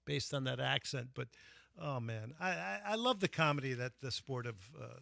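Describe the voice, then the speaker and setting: A man's voice: medium pitch, animated, moderate pace, gravelly, sharp tone, no echo. A man hosting a sports radio show, talking casually with frequent fillers and restarts. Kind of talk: casual sports talk monologue.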